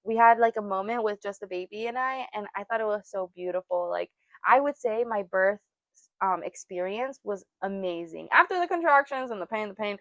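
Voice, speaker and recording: A woman's voice: medium pitch, a little fast, fairly bright tone, no room sound, muffled recording. A young woman co-hosting a casual podcast chat, telling a personal story with frequent laughter and quoted voices. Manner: chatty, laughs often, acts out quotes. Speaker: podcast co-host.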